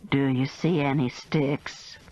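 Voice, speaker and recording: A woman voicing a composed sister who speaks calmly and quietly in a storybook reading. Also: slow, highs cut off, exaggerated voice. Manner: calm, low, understated.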